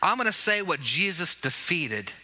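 A male pastor with a piercingly bright, somewhat high voice delivers an Easter sermon. He preaches with animated emphasis and rallies his congregation to shout back. His voice is starting to give out. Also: normal speed. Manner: animated preaching, leads the congregation in call-and-response. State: voice giving out.

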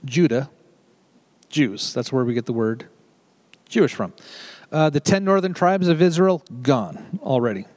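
A middle-aged man preaches in a relaxed, conversational way. He jokes and drifts into quick asides. His voice sits at an ordinary middle pitch for a man. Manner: chatty and joking, with quick asides. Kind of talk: casual sermon.

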